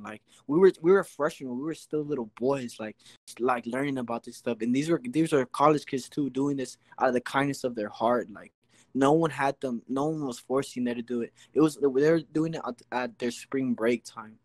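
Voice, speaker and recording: A man's voice: mid-range voice, no echo, low-quality recording. Earnest man in a dry, close recording. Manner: earnest, fills in and backs up his friend's story. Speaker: interview guest. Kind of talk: casual chat.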